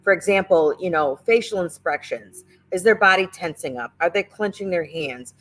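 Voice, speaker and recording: A middle-aged woman with a somewhat low voice gives caregiving tips. She talks in a loose, conversational way, restarting sentences and leaning on fillers as she tells stories. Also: animated, moderate pace, fairly bright tone. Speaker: nurse advocate host. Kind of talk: casual educational talk.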